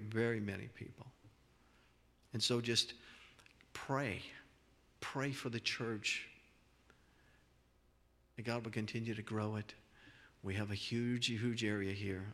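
A man preaches to his congregation in a fairly low voice, earnest and plain-spoken, often doubling back on his words. His sermon rings through a church sanctuary with a long, trailing reverb. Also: fairly bright tone. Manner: earnest, repeats words and restarts phrases. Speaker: pastor.

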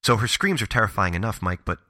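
A man co-hosting a podcast, gushing with animated storytelling in casual horror movie chat. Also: on the low side, quick pace, no room sound, studio quality. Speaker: podcast co-host.

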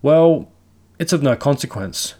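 Ghost pirate captain, read by a man, courtly and unhurried, storybook tone. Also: fairly high pitch, lively intonation, pitched above the performer's own voice. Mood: cool, courtly. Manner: polite, unhurried gentleman's speech.

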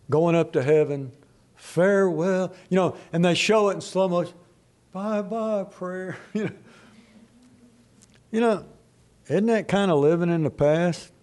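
An older man delivers a sermon in a high-pitched voice. He takes his time, leaving long pauses and repeating lines for weight. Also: a little mellow. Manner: slow, drawn-out preaching with long pauses and emphatic repeats. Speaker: pastor.

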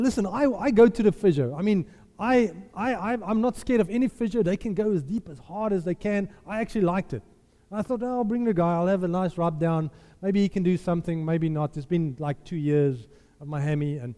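Guy preaching, animated storyteller, mellow tone, lots of hall reverb. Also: high-pitched. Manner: animated storyteller, laughs often, acts out quotes. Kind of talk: sermon.

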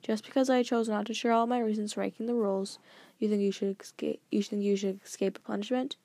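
A woman voicing a stern, formal old grandfather who speaks in a measured, grave, lecturing way, a bit lower and quieter than her narration. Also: flat delivery, no echo, natural voice.

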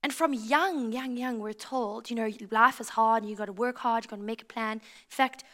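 A woman giving a lively, conversational sermon in church, acting out little quotes as she tells stories. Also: fairly high pitch, normal speed. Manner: animated storytelling with acted-out quotes. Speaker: pastor.

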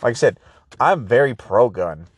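A man's voice: medium pitch, expressive, normal speed, breathy edge, no echo. A man hosting a podcast in a casual political rant, rambling and profane, full of filler words and "bro". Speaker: podcast host.

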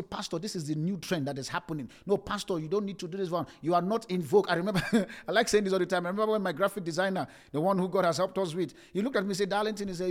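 A young adult male pastor preaching a sermon, reading scripture aloud and telling humorous personal stories to his congregation. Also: fairly high pitch. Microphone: streamed service mic.

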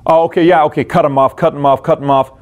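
A man's voice: fairly high pitch, steady tone, fast talker, darkish tone, lo-fi sound, lightly acted. A man mimicking a distracted, dismissive male customer service rep who hurries through a call and brushes off the caller.

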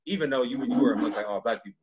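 A man's voice: mid-range voice, very fast, slightly rough. A man from Cleveland hosting a casual podcast interview, talking loosely with many fillers and repeats. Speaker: podcast host. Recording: dull lo-fi sound.

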